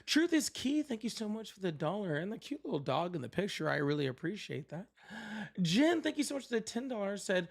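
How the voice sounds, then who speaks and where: His voice sits high with a sing-song lilt and vocal fry, moving at normal speed. He's a political livestream host seated at home, rambling in a crude, sardonic, casual way.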